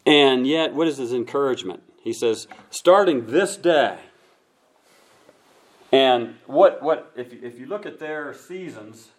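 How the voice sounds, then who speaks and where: A man's voice: mid-range voice, normal speed, hardly any pauses. A man preaching a conversational sermon to his congregation, acting out voices now and then. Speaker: pastor.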